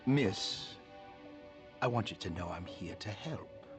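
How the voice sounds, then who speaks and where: An actor playing a calm, deliberate doctor who probes with careful questions in a horror game. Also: male voice, lowish voice, faint music behind. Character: measured doctor, calm and probing.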